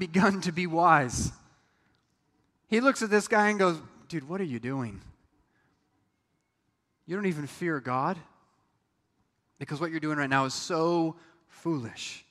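Captured in a reverberant hall, this man's high-pitched, slightly bright voice carries a pastor's sermon. He talks conversationally to the congregation and performs quoted lines as acted asides.

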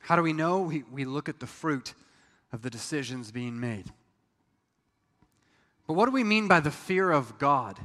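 Speaking at a moderate pace with long pauses, a pastor delivers a conversational sermon to his congregation, acting out quotes along the way. His fairly high, slightly bright voice has lively intonation, and the sound echoes as in a reverberant hall.

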